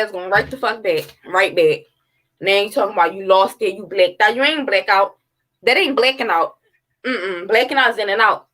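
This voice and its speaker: A woman's voice: medium pitch, a bit bright, rough recording. A woman, giving blunt, heated, profane commentary in a casual livestream. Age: 30s. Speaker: true-crime commentary host.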